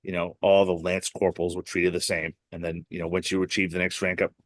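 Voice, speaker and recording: A man from Boston hosts a podcast and tells his stories at a rapid clip in a low voice. He rambles, restarts sentences and leans on fillers. The sound is dry and close. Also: little pitch movement, no room sound. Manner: rambling storyteller, heavy "you know" fillers and self-restarts. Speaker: podcast host. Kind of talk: casual interview chat.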